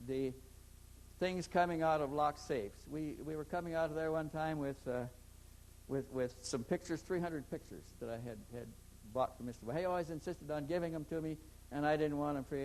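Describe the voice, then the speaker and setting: A man's voice: on the high side, a little mellow, slight background noise, low-quality recording. A man in an interview, telling a long story in a rambling way and often repeating his first words. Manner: rambling, repeats words when starting sentences. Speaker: interviewee recounting experiences. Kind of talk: anecdotal storytelling.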